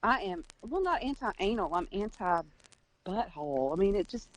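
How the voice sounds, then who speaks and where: Squeamish, lively-voiced woman. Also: mid-range voice, normal speed, poor audio. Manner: squeamish, giggly, expressive. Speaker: podcast co-host. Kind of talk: casual chat.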